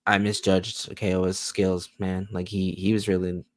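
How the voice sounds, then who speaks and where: Very deep-voiced man recapping a show. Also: level tone, measured pace, dry recording, studio quality. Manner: retells scenes in detail, with restarts and slang. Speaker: podcast co-host reviewing a TV episode. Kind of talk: casual chat.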